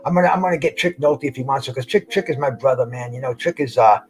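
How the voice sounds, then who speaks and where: A man's voice: medium pitch, quick pace, faint music behind, poor audio. A middle-aged man hosting a boxing show, chatting casually, stammering and repeating words, full of slang. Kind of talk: casual solo chat.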